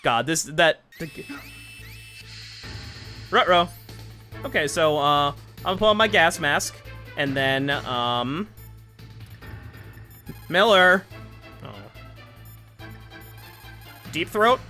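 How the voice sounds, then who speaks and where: A man's voice: a little high, lively intonation, slow pace, pauses often, bright, forceful tone, faint music behind. A young man streaming a video game, talking over it with jokey, exclamatory asides in casual commentary.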